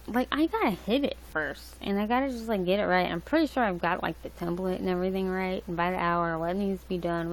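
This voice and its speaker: Young woman livestream host, lowish gravelly voice, rambling casual chat. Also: poor audio. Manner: rambling, loose, with many fillers and restarts. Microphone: laptop mic.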